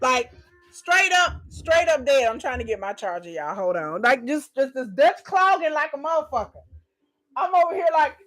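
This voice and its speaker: A woman's voice: high voice, sing-song, normal speed, fairly bright tone. A woman doing a live reaction stream, delivering a profane comedic rant. She swears constantly, repeats lines for emphasis and keeps breaking into laughter.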